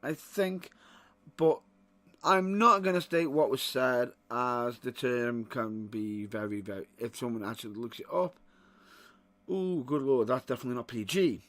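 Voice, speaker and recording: A man delivers opinionated commentary as a podcast host, building his rant into exasperated outbursts. His voice is bright and forceful, and he drags his words out slowly, leaning on each one. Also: mid-range voice. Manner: exasperated ranting, rising to outbursts.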